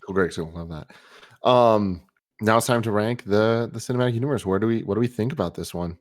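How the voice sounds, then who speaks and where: A man with a lowish voice co-hosts a casual podcast. He is laid-back and wry, and he reads out listener messages. The mic is close and dry. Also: fairly quick, no room sound. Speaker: podcast co-host.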